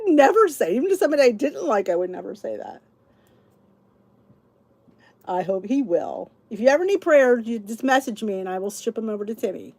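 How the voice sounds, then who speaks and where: Mellow, chatty middle-aged woman host. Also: fairly high pitch, big pitch swings, fairly quick, no room sound. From New Jersey, USA. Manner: chatty, answers viewers by name, laughs often. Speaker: channel host. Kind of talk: casual livestream chat.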